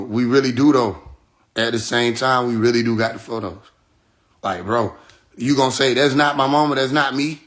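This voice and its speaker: A man's voice: mid-range voice, a bit bright. A man hosting a livestream, ranting heatedly and profanely straight at his viewers. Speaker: livestream host. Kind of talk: casual livestream rant.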